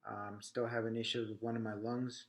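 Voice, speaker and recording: A man who is short of breath, talking casually to camera indoors as a veteran video blogger, halting often with fillers. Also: on the low side, level tone.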